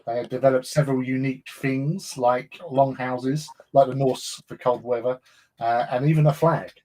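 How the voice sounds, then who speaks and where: A man's voice: medium pitch, little pitch movement, normal speed, dark tone. Chatty English man with many fillers. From England. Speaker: livestream host. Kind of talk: casual chat.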